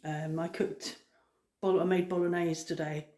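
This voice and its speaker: A middle-aged woman chatting casually to her viewers, rambling with many pauses and ums. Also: fairly low pitch, flat delivery, roomy sound. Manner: rambling, frequent ums, soft-spoken. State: out of breath. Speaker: vlogger. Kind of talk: casual chat.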